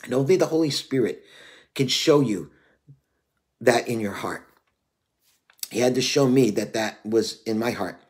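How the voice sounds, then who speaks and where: A man's voice: mid-range voice, unhurried, long pauses, darkish tone. A man in his fifties preaching a sermon in an earnest, confessional way, often using "you know" as he thinks.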